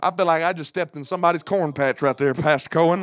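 A man's voice: a little high, fast, fairly bright tone. A man preaching a sermon in an impassioned cadence punctuated by "uh", with folksy, plain-spoken asides.

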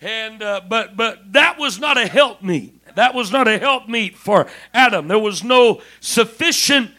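Man, pastor, sermon, very high voice, bright tone, emphatic, rising to shouts. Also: expressive. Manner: emphatic preaching, rising to shouts, many restarts; slow deliberate stress on key words.

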